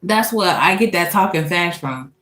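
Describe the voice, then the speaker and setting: A woman from Louisiana, telling a personal story in a casual, animated and profane way, laughing often. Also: on the low side, moderate pace. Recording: echoey room.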